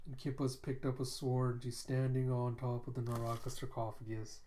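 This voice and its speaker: A man's voice: medium pitch, level tone, moderate pace, warm tone. A man casually reading a comic book aloud, laid-back, swearing and laughing at the story as he goes. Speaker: comic book reader and video host.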